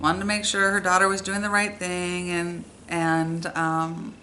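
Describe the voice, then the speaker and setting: A woman's voice: on the low side, completely flat delivery, unhurried, sharp tone, a little hiss or hum. A middle-aged woman telling a personal story in a chatty way, with many fillers. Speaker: vlogger. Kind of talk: storytime vlog.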